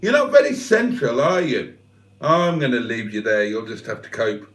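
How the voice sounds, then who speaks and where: In an echoey room, an older man running a livestream speaks expressively at a normal speed, his pitch medium. He goes through viewers' comments out loud, keeping things casual with jokes at his own expense.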